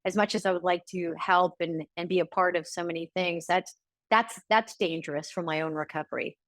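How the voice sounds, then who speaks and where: A middle-aged woman speaking as a guest in an interview, talking earnestly and haltingly with many fillers. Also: lowish voice, steady tone, fairly bright tone, no echo. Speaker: guest, recovery advocate. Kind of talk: conversational interview.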